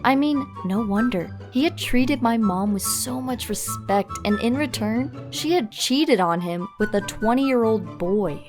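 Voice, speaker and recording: A woman narrating a scripted first-person story in an even, steady delivery. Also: on the high side, a little slow, few pauses, music in the background.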